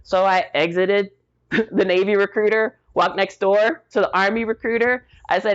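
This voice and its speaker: A middle-aged woman veteran telling stories casually in an interview, animated and slangy, acting out the voices of the people she quotes. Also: medium pitch, moderate pace, smooth, dull audio. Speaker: military veteran guest.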